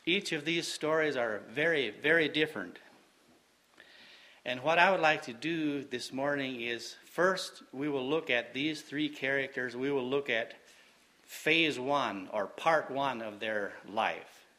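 A man preaching a sermon, slow and deliberate, repeating phrases for emphasis. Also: medium pitch, pushed and bright.

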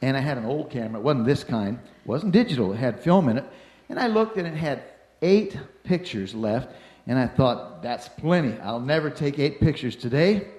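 An older man telling a personal story in an animated way, acting out the voices and shouts of the people in it. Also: medium pitch, normal speed. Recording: roomy echo.

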